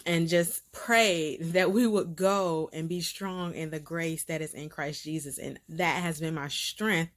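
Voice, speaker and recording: An excitable woman talks straight to her viewers in a casual update, with a voice that sits a little low for a woman. She repeats words for emphasis, laughs easily, and gets emotional enough to sound close to tears. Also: measured pace, hardly any pauses. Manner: bubbly and emphatic, with frequent laughs and repeated phrases. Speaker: host of a faith-based video series. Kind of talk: casual direct-to-camera update.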